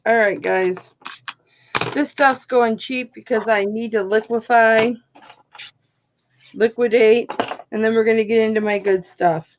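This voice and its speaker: She has a mid-range voice, heard with the highs cut off and slight background noise. As the auction host of a live online jewelry sale, she chats casually while counting down bids and calling bidders by name.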